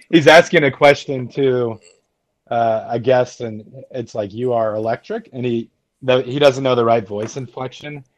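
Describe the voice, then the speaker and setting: A man's voice: mid-range voice, a little slow, dull audio. A man co-hosting a radio talk show from a remote location, thoughtful and self-deprecating, with frequent fillers. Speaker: radio show co-host, academic dean. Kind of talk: casual radio talk chat. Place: remote, away from the studio.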